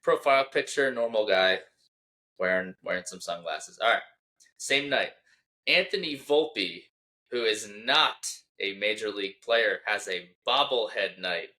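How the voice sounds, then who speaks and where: A man's voice: fairly low pitch, lively intonation, measured pace, pushed and bright. A young man co-hosting a casual sports podcast, teasing his co-host and laughing as he reads tweets aloud. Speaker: podcast co-host, Philadelphia fan.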